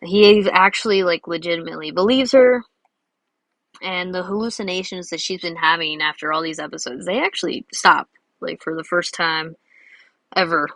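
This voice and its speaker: A woman's voice: on the low side, moderate pace, fairly bright tone, no room sound. A woman giving casual, rambling, giggly commentary while she draws. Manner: rambling and giggly, many fillers. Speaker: drawing video creator.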